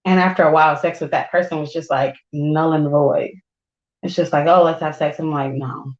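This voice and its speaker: A woman co-hosting a casual chat, telling relationship stories with lively acted-out quotes and frequent laughter. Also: deep voice, brisk, reverberant, lo-fi sound. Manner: animated storyteller, acts out quotes, laughs often. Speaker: podcast co-host.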